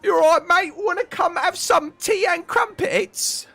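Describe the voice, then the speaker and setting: A man putting on an exaggerated mock British accent, playing a boastful, chummy stereotyped British bloke in a loud, hammy, drawn-out way. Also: very high voice, gravelly, pitched above the performer's own voice, exaggerated voice.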